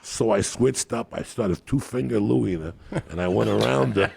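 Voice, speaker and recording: A man's voice: on the low side, normal speed, a little mellow, no echo. A middle-aged man on a podcast telling raunchy, profane stories and acting out the voices. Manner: profane, gravelly, acts out quotes. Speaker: comedian guest on a podcast. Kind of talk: raunchy storytelling.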